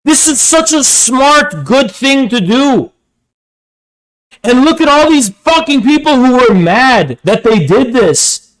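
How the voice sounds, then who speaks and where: A man hosting a livestream, ranting heatedly and with a lot of profanity, his pitch swinging up and down. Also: big pitch swings, slow, rough recording. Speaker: streamer host.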